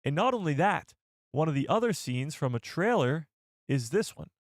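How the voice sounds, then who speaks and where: A man hosting a casual live stream, excitable and rambling as he reads the chat. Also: a little high, moderate pace, no room sound, studio quality.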